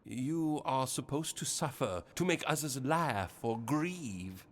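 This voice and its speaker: Game role: a cryptic puppeteer spirit, German accent, slow and solemn, lively pitch. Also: male voice. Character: mysterious male puppeteer spirit, cryptic and commanding.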